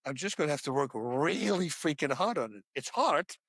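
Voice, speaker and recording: A man's voice: a little high, lively intonation, moderate pace, a bit bright, slightly rough, no room sound. A man talking as a podcast guest in a casual interview about faith, pressing his points home with repetition. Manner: emphatic, repeats points to hammer them home.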